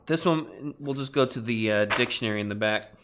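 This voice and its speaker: A man teaching a beginning Greek lesson on a livestream, relaxed and self-deprecating, spelling words out letter by letter. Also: mid-range voice, brisk, background noise. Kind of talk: livestreamed lecture.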